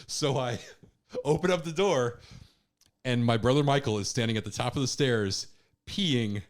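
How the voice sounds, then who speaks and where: A podcast co-host who tells stories with animated energy and keeps breaking into laughter as he talks. His voice sits at an ordinary middle pitch for a man, relaxed and conversational. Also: unhurried. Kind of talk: casual chat.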